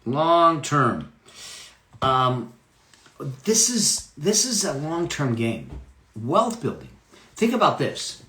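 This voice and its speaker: A man's voice: fairly high pitch, wildly swooping pitch, takes it slowly, long pauses, sharp tone, reverberant. A man giving a live motivational talk about money, emphatic, repeating key phrases and checking in with "okay?".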